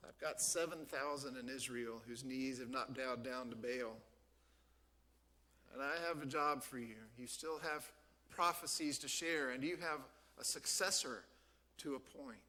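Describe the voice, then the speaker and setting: A man voicing God as a calm, quiet male presence speaking steadily and reassuringly, inside a sermon. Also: mid-range voice, measured pace. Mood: gentle. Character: calm, gentle divine voice, male.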